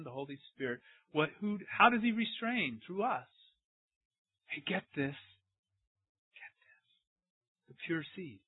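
Animated high-voiced male preacher, tinny sound. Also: dry recording. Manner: animated, asks the congregation questions. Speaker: pastor. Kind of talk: sermon.

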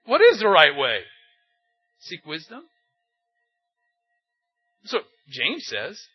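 An older pastor preaches in a high, husky voice, talking his listeners through the text with rhetorical questions and anecdotes. The sound is dull and lo-fi. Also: wildly swooping pitch, takes it slowly, long pauses, faint music behind. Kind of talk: conversational sermon. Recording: dull lo-fi recording.

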